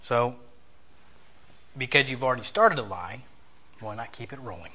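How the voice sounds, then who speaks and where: A man's voice: medium pitch, animated, normal speed, bright, forceful tone. A man giving a conversational sermon lesson, telling a story, acting out bits of dialogue and asking his listeners questions.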